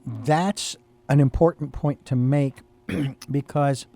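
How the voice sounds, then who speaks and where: A man hosting an interview, speaking in a measured, reflective way with some hesitations. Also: medium pitch, dark tone, dry recording. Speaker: host. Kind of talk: interview conversation.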